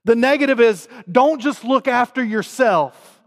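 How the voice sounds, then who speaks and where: A man with a Southern US accent, preaching a sermon to his congregation and swinging between loud emphatic lines and quiet, low asides. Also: lively intonation, measured pace. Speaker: pastor. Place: church sanctuary. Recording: long hall reverb.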